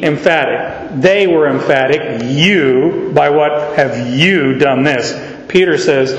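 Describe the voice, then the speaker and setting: Man preaching, slow and deliberate, somewhat high voice, long echo of a big church hall, slightly dull sound. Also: expressive. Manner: slow, deliberate, jokes with the audience. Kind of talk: expository sermon to a congregation.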